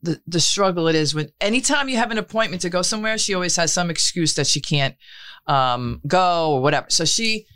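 A woman's voice: lowish voice, a little fast, dry recording, clean studio sound. A middle-aged woman, telling a long story in casual chat and acting out what others said. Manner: animated storytelling, acts out quotes.

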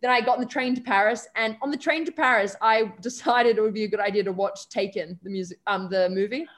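A woman's voice: medium pitch, fast. A young Australian woman telling a story as an interview guest, chatty, acting out the voices of the people she quotes. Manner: lively anecdotes, acts out quoted voices, frequent "um" and "like". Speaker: interview guest, stage performer. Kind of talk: casual storytelling.

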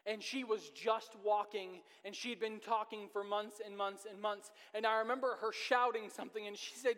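A man with a fairly high voice preaches a sermon in a church, telling a personal story earnestly. His pace swings between rushed and drawn out, and the long reverb of the hall trails after each phrase. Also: steady tone, a bit bright. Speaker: pastor. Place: church sanctuary.

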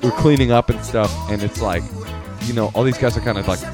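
Animated, profane comedian telling stories. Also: male voice, mid-range voice, quick pace, over music. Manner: animated, profane, acts out shouted quotes. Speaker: comedian guest. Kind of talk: casual podcast storytelling.

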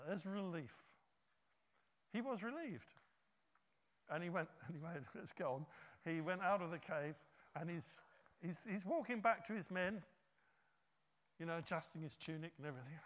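A man preaching a sermon, telling a story with lively acted-out quotes. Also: on the high side, big-room sound. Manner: animated storytelling, acts out quotes.

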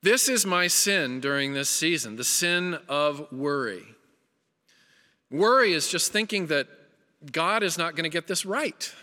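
A man's voice: fairly high pitch, animated, measured pace, pushed and bright. Earnest man preaching in a reverberant hall. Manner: earnest, emphatic preaching with repeated phrases and restarts. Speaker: pastor. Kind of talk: sermon.

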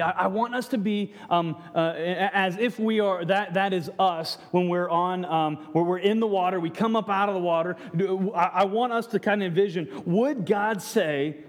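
A man, a pastor, preaching a conversational sermon with frequent restarts and rhetorical questions to the congregation. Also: high voice. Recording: long hall reverb.

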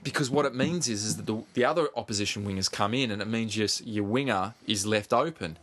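A man co-hosting a casual sports podcast, animated, swearing freely and pushing on through interruptions. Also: lowish voice, fast talker, slight background noise. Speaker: podcast co-host.

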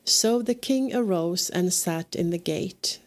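A woman reading scripture aloud in a measured, deliberate way as a podcast host. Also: lowish voice, animated. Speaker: scripture reader.

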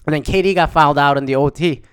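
Swearing guy rambling through a story, smooth clear voice, tons of filler words. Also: a little high, quick pace, fairly bright tone. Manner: profane, rambling, with frequent fillers. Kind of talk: casual rambling monologue.

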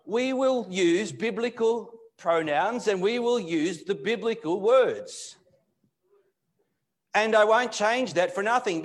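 Impassioned higher-voiced male pastor preaching. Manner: impassioned, swinging between loud emphatic bursts and low, quiet asides. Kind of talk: live sermon. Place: church hall.

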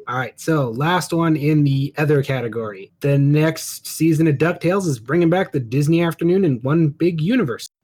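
Higher-voiced guy hosting a podcast, keeps things moving, kinda dry. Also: a little mellow. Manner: brisk, steering the topic list, dry. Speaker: podcast co-host. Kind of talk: casual chat.

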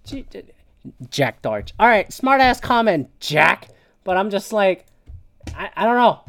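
A man's voice: sits high, sing-song, measured pace, creaky, fairly bright tone, no echo, clean studio sound. Profane, sarcastic ranting man. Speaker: podcast host. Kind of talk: casual solo commentary.

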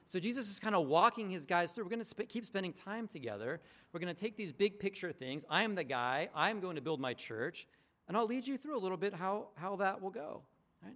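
A man's voice: high voice, a bit bright. A male pastor preaching a casual, conversational sermon with chatty asides.

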